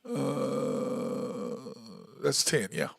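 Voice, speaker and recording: Gravelly, rambling sports talk host man. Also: medium pitch, sing-song, drawn-out words, a bit bright, dry recording. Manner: rambling, self-correcting, counts stats aloud. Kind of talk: casual sports opinion monologue.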